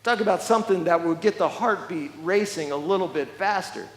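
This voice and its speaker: A man's voice: high voice, a little fast. A man preaching a sermon as pastor, emphatic, often repeating words and restarting phrases. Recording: long echoey church hall reverb.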